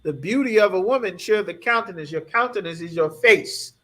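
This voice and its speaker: A man preaching through a scripture lesson, emphatic and constantly checking that his listeners follow. His voice sits high for a man, bright and forceful. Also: a little fast. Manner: emphatic, keeps asking "you understand?". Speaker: scripture class teacher.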